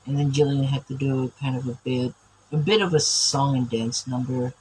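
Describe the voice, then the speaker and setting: While he draws on camera, a man talks casually, stammering through rambling remarks and laughing frequently. His voice sits in the mid range with a darkish tone, fairly even intonation and a moderate pace, captured on a rough recording with slight background noise.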